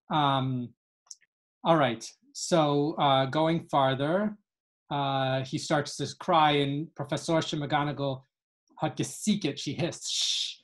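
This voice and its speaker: A woman teaching an online lesson on Yiddish dialects, reading passages aloud and translating them. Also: low voice. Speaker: webinar teacher. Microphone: video call.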